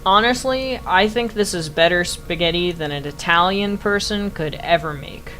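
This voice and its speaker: Over soft background music and a low-quality recording, a young female game streamer talks casually while playing, her voice fairly low and a bit bright at a moderate pace. She keeps laughing in amused disbelief at her own old build.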